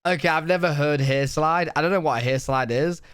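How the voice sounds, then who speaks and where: A British man muses aloud in casual reaction commentary. His voice is fairly high and smooth, and the recording is close and dry. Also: fairly quick, a bit bright, no echo. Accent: British English. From Britain. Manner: thinking aloud, hesitant asides. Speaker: reaction video host.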